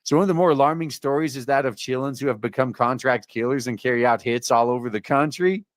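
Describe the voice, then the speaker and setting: A man hosts a commentary stream, reading news articles aloud with plenty of fillers and tossing in sarcastic asides as casual commentary. His voice is medium-pitched and he talks fast. The sound is clean studio audio with no echo.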